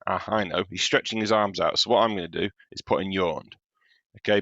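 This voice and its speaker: A man's voice: low-pitched, fairly even intonation, a little fast, gravelly, bright, forceful tone, dry recording, highs cut off. A man teaching a primary class in a recorded home-learning lesson, patiently explaining step by step as he checks his own writing.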